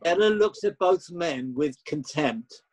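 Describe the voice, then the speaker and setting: Man, narrator, scripted narration, matter-of-fact, high husky voice. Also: animated, unhurried, soft background music, poor audio.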